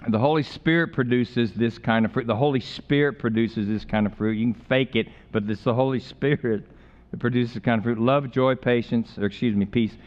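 A man's voice: mid-range voice, fairly even intonation, brisk. Guy preaching, chatty and joking around, kinda dull lo-fi sound. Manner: conversational preaching with humor and repeated phrases. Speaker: pastor. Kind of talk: sermon.

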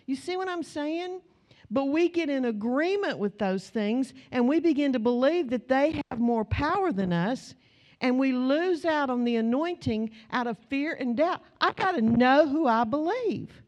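A middle-aged American woman preaching to her congregation in a fairly high voice. She talks like she's telling stories to friends, then presses her points with slow, emphatic repetition. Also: animated, darkish tone, highs cut off. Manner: storytelling, conversational, rising to emphatic repetition. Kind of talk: sermon.

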